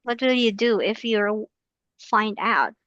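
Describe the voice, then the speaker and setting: Slow, patient woman tutoring English. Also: on the high side, fairly bright tone, no echo, dull audio. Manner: patient, explaining, asks many questions; laughs easily. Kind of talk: online one-on-one English lesson.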